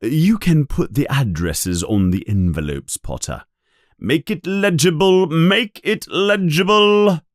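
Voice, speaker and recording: Brief: vain chatty wizard professor, man voicing, pompous, slow and dry, storybook. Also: a little high, lively intonation, dry recording, pitched above the performer's own voice. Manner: pompous, self-pleased. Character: vain cheerful male wizard teacher. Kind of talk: storybook reading.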